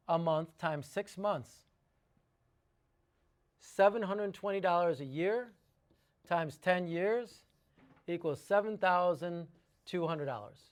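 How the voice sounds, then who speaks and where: A man giving an informal sales talk about water treatment, working through sums aloud with enthusiasm and rhetorical questions. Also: high voice.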